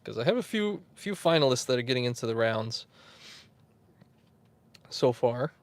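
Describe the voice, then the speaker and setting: A man's voice: mid-range voice, expressive, moderate pace. A man hosting a casual livestream, rambling, chuckling and answering viewers in the chat. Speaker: YouTube host.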